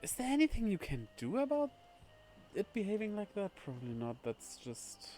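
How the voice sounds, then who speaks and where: A man's voice: high voice, wildly swooping pitch, moderate pace, mellow, soft background music. Chatty man commenting on a game. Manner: chatty, amused, thinking aloud. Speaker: streamer. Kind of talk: casual game playthrough commentary.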